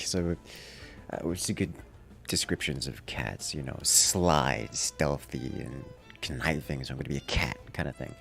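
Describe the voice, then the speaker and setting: A man's voice: rumbling low, moderate pace, creaky, a bit bright, husky, faint music behind. A man from the Southern United States with a Southern accent, chatting casually and wryly while playing a game on a livestream. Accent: generic Southern US. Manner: rambling, wry, self-deprecating asides. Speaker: livestream gamer.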